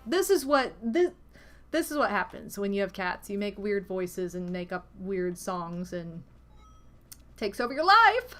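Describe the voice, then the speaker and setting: Streaming from her apartment, a young adult woman chats casually and animatedly with her viewers, giggling often and slipping into cooing baby talk. Her medium-pitched voice swings widely in pitch, is a bit bright, and moves a little slowly, with faint music in the background.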